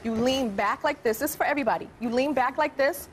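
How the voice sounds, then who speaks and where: A woman's voice: high-pitched, fast talker. A woman in her thirties hosting a TV talk show, bubbly and teasing, laughing often as she interviews a guest. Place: TV studio with audience. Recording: studio with audience and background noise.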